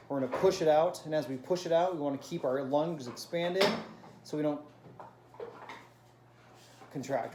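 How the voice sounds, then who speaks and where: A man teaching a vocal warm-up lesson, explaining breathing and demonstrating humming exercises with a piano. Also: on the high side, noisy background. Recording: echoey room with piano.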